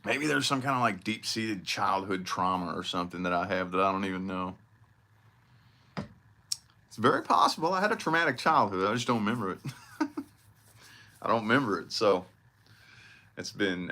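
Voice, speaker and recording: A man from southern Indiana talks through a casual vlog monologue with a slight country twang. His low voice rises and falls with lively swings, and he swears freely and rambles. The tone is bright and forceful. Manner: animated, profane, rambling. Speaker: vlogger.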